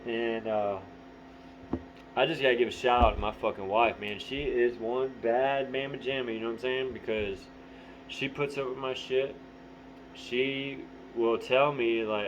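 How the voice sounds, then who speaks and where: A man talking candidly to the camera in a profane, motivational monologue. He is blunt, swears constantly and often clears his throat. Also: mid-range voice, steady tone, moderate pace. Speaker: vlogger. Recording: dull lo-fi audio with faint hum.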